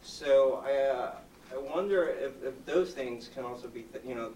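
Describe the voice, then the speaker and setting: A man's voice: medium pitch, moderate pace, warm tone, a little hiss or hum. Audience man asking from afar. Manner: long, hesitant question with restarts. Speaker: audience member. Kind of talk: asking a question at a lecture. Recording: echoey hall mic from far off.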